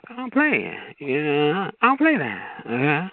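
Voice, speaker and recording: A woman's voice: low voice, wildly swooping pitch, unhurried. A woman calling into a community call, talking in a sassy, drawling, slangy way with repeated asides. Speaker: caller performing on a community call. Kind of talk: sassy spoken monologue between sung bits. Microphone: phone. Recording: tinny phone line with faint noise.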